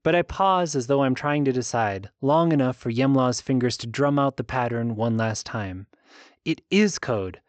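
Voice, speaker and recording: A male audiobook narrator reads first-person fantasy prose in a steady, even storytelling manner. His voice sits at a middle pitch. It is recorded close and dry, with no room sound. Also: moderate pace, dry recording.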